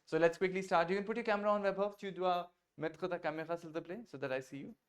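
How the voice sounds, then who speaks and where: A man with an Indian English accent teaching a beginner French class over a video call, patient, repeating phrases slowly and switching between French and English. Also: sits high, fairly even intonation.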